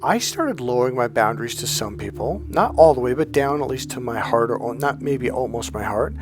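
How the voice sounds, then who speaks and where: A man's voice: medium pitch, lively intonation, a little fast. A middle-aged man speaks in an everyday mid-range voice, coaching viewers through a casual monologue. He tells his own experiences candidly and bluntly, swearing freely as he goes. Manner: candid, profane storytelling.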